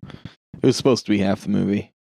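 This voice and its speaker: A man's voice: fairly low pitch, fairly even intonation, brisk, vocal fry, dark tone, slightly rough, dry recording, studio quality. A man co-hosting a film podcast, tossing in wry jokes during casual chat. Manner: wry, joking interjections. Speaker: podcast co-host.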